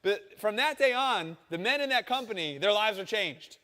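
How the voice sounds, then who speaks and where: A man preaching a sermon, telling a story with animated quoted voices. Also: high voice, normal speed, in a large hall. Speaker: pastor.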